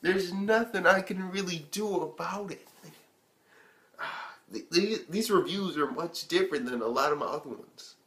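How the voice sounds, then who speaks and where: A young man reviewing an anime episode on his own channel, talking in an excitable, rambling way and swearing often. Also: high-pitched, normal speed, reverberant. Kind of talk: casual video review.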